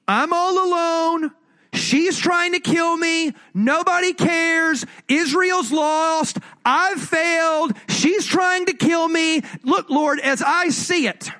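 A man voicing a self-pitying male prophet who wails out drawn-out complaints. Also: sits high, slightly rough, dry recording, studio quality, exaggerated voice.

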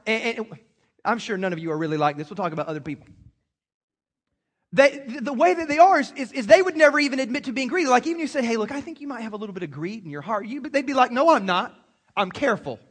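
High-voiced male preacher. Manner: animated, acts out quoted voices. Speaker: pastor. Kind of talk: sermon.

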